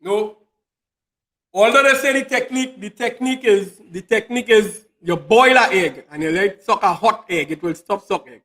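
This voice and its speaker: A man's voice: high voice, moderate pace, bright, forceful tone. A man, hosting a casual chat and holding forth with lots of repetition. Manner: preachy, repeats phrases for emphasis. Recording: echoey room.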